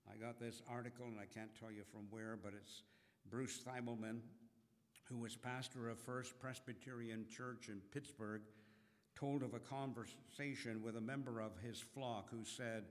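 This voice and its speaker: A man preaching a sermon in a slow, earnest way, with dramatic rises in his voice. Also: medium pitch, fairly even intonation. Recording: long hall reverb.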